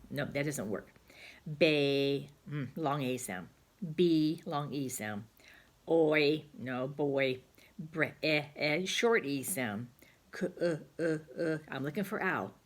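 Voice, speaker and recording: Slow, low-voiced woman teaching phonics. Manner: slow, patient, sounding out words aloud. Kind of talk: phonics lesson for young children.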